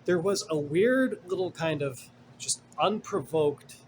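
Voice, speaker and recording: A man's voice: a little high, lively intonation, slow, slight background noise. A man hosting a casual commentary monologue, rambling and digressive with many asides, blunt and sarcastic at times. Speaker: commentary host.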